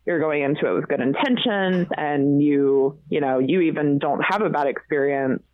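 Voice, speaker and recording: A woman's voice: low voice, moderate pace, no room sound. Woman guest, chatty storyteller, laughs easily; tinny, dry phone-like sound. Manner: lively, laughs often, fillers like "like" and "um". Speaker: guest telling ghost stories. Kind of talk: casual storytelling.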